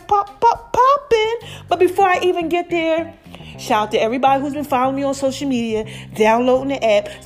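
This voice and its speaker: A high-voiced, middle-aged woman hosts her own podcast in a loose, chatty monologue. She bounces between slang, laughter and shout-outs to her listeners. Faint music plays under her voice. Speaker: podcast host. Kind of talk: casual solo podcast monologue.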